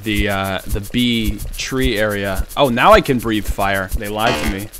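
Excitable young male gamer over game music. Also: on the low side, measured pace. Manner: jumps from mutters to excited shouts. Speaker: streamer playing a game. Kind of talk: excitable let's-play commentary.

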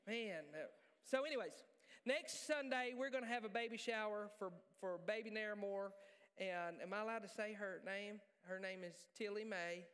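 A male pastor preaching a sermon in a church, joking and animated, poking fun at himself. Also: high voice, normal speed, clean tone. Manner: joking, animated, self-deprecating. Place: church sanctuary. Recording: reverberant church hall.

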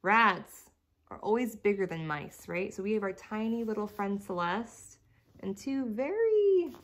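A woman teacher reading a bedtime story aloud to children, stopping gently to explain words. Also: fairly low pitch.

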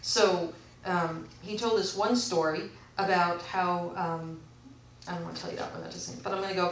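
A woman's voice: lowish voice, normal speed, recorded from a distance, a little hiss or hum. A woman vlogger talking casually and reading aloud from books, rambling and often correcting herself. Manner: rambling, with frequent self-corrections. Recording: echoey room, away from the mic.

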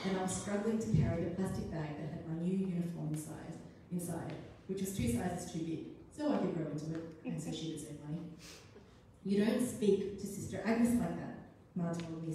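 A woman, a writer, reading her own story aloud expressively at a live arts event. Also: on the low side. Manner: expressive, first-person storytelling. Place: arts centre event room. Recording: echoey room, distant mic, faint noise.

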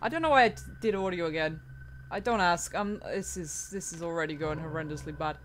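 A woman's voice: fairly low pitch, expressive, normal speed, a little hiss or hum. A young woman playing a horror game, chatting to the characters, swearing and laughing in panic. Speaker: gaming YouTuber. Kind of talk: horror game let's play commentary. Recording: faint music behind.

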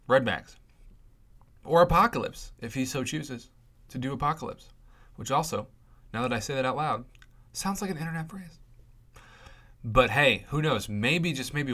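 A man commentating on mobile game crystal openings for his YouTube channel, excitable and playfully dramatic, pleading out loud for good results. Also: medium pitch.

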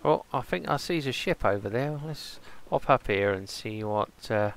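A man playing a gravelly, rambling pirate. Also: mid-range voice, lively intonation, normal speed, close to an everyday voice. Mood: relaxed. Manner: rambling, chatty, muses aloud to himself. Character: easygoing adult male pirate. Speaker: role-play streamer. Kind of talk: in-character game role-play.

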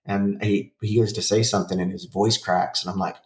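A man's voice: fairly low pitch, level tone, a little fast, echoey room, recorded from a distance. A man in his forties telling a rambling, profane story in a casual podcast chat. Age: 40s. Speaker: podcast co-host.

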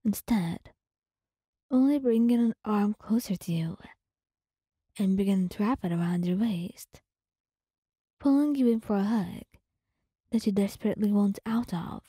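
A woman telling a whispered role-play story in a slow, breathy hush, mellow and soft in tone. Her voice sits close to the mic in a completely dry space with no echo. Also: medium pitch. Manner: soft and hushed second-person narration.

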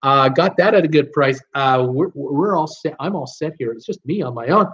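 A man's voice: on the high side, expressive, normal speed, fairly bright tone. A middle-aged man from Canada hosting a casual live show, joking around and reading out viewer comments. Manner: chatty, jokey, reads out viewer comments. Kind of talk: casual live-stream chat. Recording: dull lo-fi stream audio.

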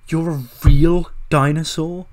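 A man's voice: a little high, flat delivery, slow pace, a little mellow, pitched above the performer's own voice. A man voicing a baffled male celebrity who cannot believe what he is seeing backstage. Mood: incredulous.

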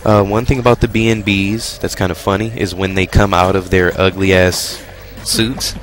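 A man's voice: low voice, level tone, moderate pace. A man giving casual game walkthrough commentary, crude and joking, talking back to the game. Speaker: gaming commentator. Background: game music.

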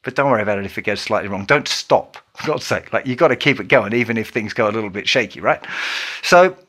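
A man teaching a guitar lesson in a relaxed, chatty way, counting beats aloud as he plays. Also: lowish voice, fast talker. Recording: loud guitar under the voice. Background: electric guitar playing.

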